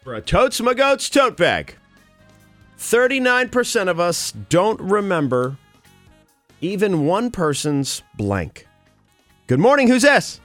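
A man's voice: sits high, sing-song, takes it slowly, pauses often, a bit bright, no echo, soft background music. A man hosting a morning radio show, joking with his co-host and callers, laughing often and stumbling over his wording. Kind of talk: casual morning radio banter. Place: radio studio. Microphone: studio microphone.

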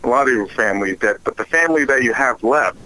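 A man's voice: medium pitch, animated, fast, noisy background, close to an everyday voice. A man voicing the devil on a phone call, dopey and meandering, nothing like a fiery monster. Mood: menacing. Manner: meandering, folksy threats. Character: dopey, unassuming male devil. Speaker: caller.

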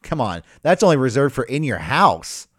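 A man chatting casually as co-host of a wrestling show, recapping matches with jokes and the odd swear. His pitch rises and falls a lot. The sound is dry and close. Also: moderate pace, dry recording. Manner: animated, loose, swears, mocks wrestlers in high shouted voices.

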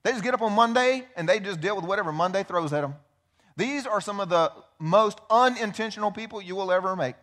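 A man preaching a sermon to his church, emphatic and repetitive, often dropping to quiet low phrases. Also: lively intonation, a little fast. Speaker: pastor. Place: church sanctuary.

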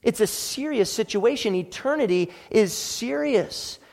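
A man's voice: very high-pitched, lively intonation, measured pace, creaky, a little mellow, in a large hall. A man preaching a sermon in an earnest, emphatic, explanatory way. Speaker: pastor.

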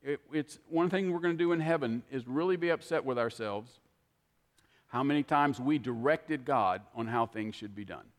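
An older man preaching a sermon, telling folksy stories in an animated, heartfelt way. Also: mid-range voice, moderate pace, in a large hall. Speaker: pastor.

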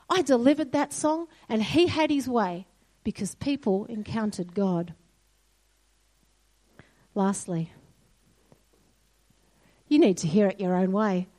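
A woman giving a sermon in a church hall, earnest and storytelling. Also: sits high. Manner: earnest, storytelling, quotes God softly. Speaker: church speaker.

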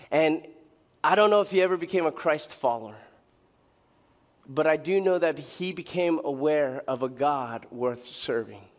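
A male pastor preaching a sermon, telling a personal story with lively, animated delivery and acting out quoted lines. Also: a little high.

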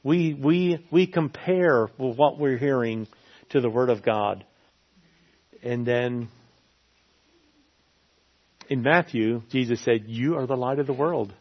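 A man preaching a sermon with an earnest, repetitive delivery. His voice sits at a middle pitch. The recording is slightly dull and lo-fi. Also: slow pace, pauses often. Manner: earnest, repeats phrases for emphasis.

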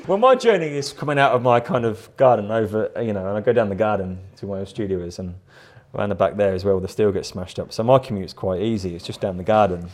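A man's voice: on the low side, quick pace, hardly any pauses, a little mellow. A middle-aged man, a guest artist in a live interview, talking in a rambling, chatty way with frequent laughs and repeated words. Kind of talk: casual interview chat.

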